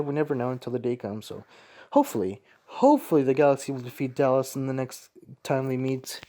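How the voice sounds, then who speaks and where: Man, soccer show host, casual review, rambling and chatty, middle pitch, restarts his sentences. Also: warm tone. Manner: rambling, chatty, self-correcting.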